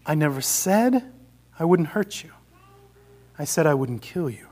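A preacher voicing a calm, stern mighty angel. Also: mid-range voice, measured pace. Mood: solemn.

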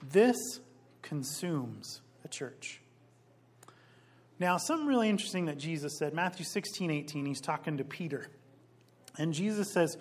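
A man preaching a sermon as a pastor, emphatic, slowing down on key phrases and rising loud when he quotes scripture. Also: on the high side.

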